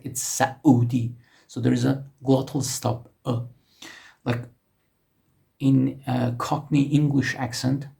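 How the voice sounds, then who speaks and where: Slow gravelly man teaching letters. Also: mid-range voice, warm tone. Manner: slow, patient explaining with frequent self-corrections. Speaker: language teacher. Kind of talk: casual teaching while writing on a board.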